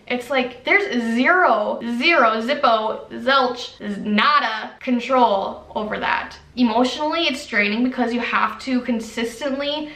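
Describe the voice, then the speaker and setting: A woman's voice: fairly high pitch, measured pace, hardly any pauses, bright, forceful tone, far from the mic. Chatty young woman in an echoey room. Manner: chatty, rambling, heavy on "like". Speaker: vlogger and former fitness coach. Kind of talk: casual get-to-know-me chat.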